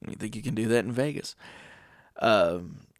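A man's voice: lowish voice, expressive, normal speed, no room sound, clean studio sound. A middle-aged man hosting a casual podcast monologue, rambling and wry, often acting out other people's voices. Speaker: podcast host.

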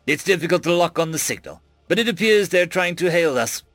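A stern female general, as a male narrator puts her on, giving firm, clipped orders in a sci-fi audiobook. The voice is lively and close, with no room sound at all. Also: fairly high pitch, brisk, dry recording, soft background music, pitched above the performer's own voice.

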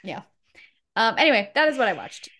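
A female co-host talks fast on a podcast, with a voice that swings widely up and down. She sits a little high in pitch and laughs and agrees easily. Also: very animated, fairly bright tone. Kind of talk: casual chat.

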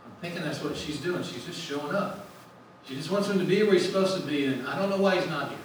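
A man's voice: a little high, quick pace, recorded from a distance, noisy background. Man preaching in an echoey hall. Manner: conversational, asks questions and answers them. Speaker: speaker at a ministry gathering. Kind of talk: sermon.

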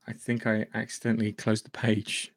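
A man hosting a relaxed gaming podcast over an online call, his voice sitting a little low as he rambles. He trips over restarts and fillers and breaks off to cough now and then. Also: normal speed. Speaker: podcast host. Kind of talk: casual gaming news chat.

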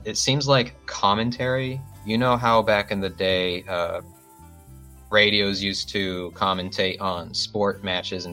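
A man's voice: low voice, sharp tone. A man narrating a tabletop role-playing game as game master, casual and full of fillers, over a video call.

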